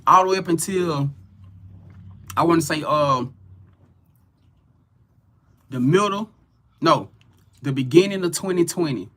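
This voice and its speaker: A man hosting a tarot livestream tells a story in loose, casual talk. His voice is very bright and forward, and he keeps turning to his viewers as y'all. He talks in an animated, excitable way and swears freely. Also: a little high, a little slow, pauses often. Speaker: tarot reader and livestream host.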